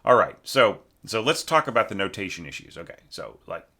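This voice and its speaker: A man with a somewhat low but bright, forward voice talks through a student's orchestral score in a loose, unscripted teaching manner. He thinks aloud, restarts sentences and checks in with tag questions. Now and then he sings short rhythms to show how a passage should be played. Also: sing-song, fairly quick. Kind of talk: casual spoken critique.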